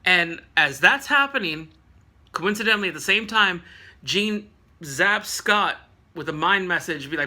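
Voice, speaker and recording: A bright, high-pitched man talks through a comic book issue in a loose, casual way. He is animated and jokey, laughs often, and keeps tossing in playful asides. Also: a little slow. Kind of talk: casual recap with playful character voices.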